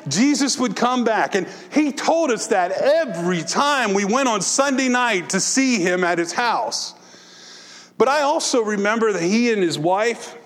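A man preaching a sermon as pastor, moving between impassioned exhortation and soft, reflective storytelling. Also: sits high. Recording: long hall reverb.

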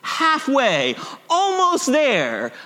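High, lively-voiced male preacher. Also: drawn-out words. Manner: emphatic, repeats key phrases, chuckles at himself. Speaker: pastor. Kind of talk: sermon.

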